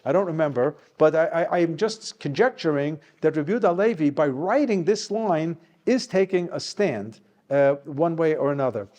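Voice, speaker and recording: A man with a somewhat high voice leads a Torah lesson, wandering through asides and Hebrew quotations. He stretches out key phrases for emphasis, then picks the pace back up in an easy conversational way. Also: animated, darkish tone. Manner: digressive, sprinkled with Hebrew quotes, slows to stress key words. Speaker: rabbi teaching a Torah class. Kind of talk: Torah lecture.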